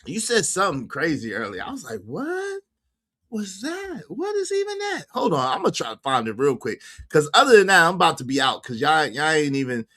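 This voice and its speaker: A man hosting a livestream show in a loose, joking way. His voice is bright and forceful, and it swings from teasing to loud shout-outs at his viewers. His pitch sits in the middle for a man. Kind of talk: casual livestream chat.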